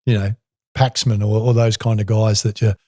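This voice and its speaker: A man's voice: lowish voice, moderate pace, no room sound, studio quality. A man in his sixties with an Australian accent, a former athlete telling colourful stories as the guest in a podcast interview. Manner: animated, colourful storyteller. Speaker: guest, former basketball player.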